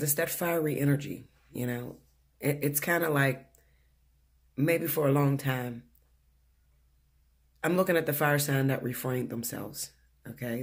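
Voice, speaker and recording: A man reads tarot cards in a loose, chatty way. He talks bluntly, swears freely and laughs often. He speaks at an everyday middle pitch from his living room at home. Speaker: tarot reader. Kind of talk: casual weekly tarot reading.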